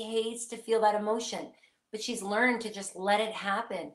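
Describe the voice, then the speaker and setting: A woman's voice: medium pitch, moderate pace, fairly bright tone, roomy sound. A woman hosting a live psychic question-and-answer stream, speaking earnestly and reassuringly straight to her viewers.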